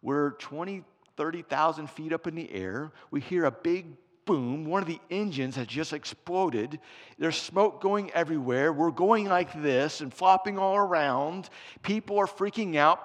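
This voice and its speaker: A man preaching a sermon in a church, telling stories with big swings from quiet to shouting. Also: a little high, unhurried. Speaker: pastor. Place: church sanctuary. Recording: preaching in a church hall with long reverb.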